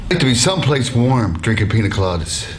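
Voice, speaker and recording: A man's voice: mid-range voice, very animated, quick pace. A man in harness racing giving brief, laid-back answers to interview questions. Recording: background noise.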